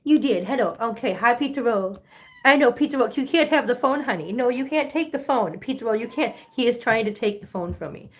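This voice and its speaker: A middle-aged woman hosts a casual livestream, answering viewer comments aloud and cooing baby talk at her kittens. She speaks briskly in an expressive, fairly high voice.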